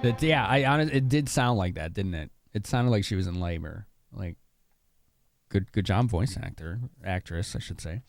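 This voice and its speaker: A man's voice: lowish voice, normal speed. A young man from Chicago streaming a game, chatting casually with viewers and laughing often. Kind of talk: casual live-stream commentary.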